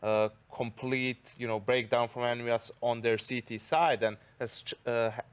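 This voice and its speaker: A man giving esports analysis at a studio desk, explaining in a measured way with frequent "you know"s. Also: medium pitch, steady tone, clean tone. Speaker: esports caster.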